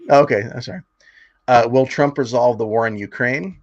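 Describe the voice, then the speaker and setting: On a casual political podcast, this co-host goes through numbers from his notes, chuckling often and leaning on filler words. He speaks at normal speed in a mid-range voice, captured in a dry, dull, lo-fi recording.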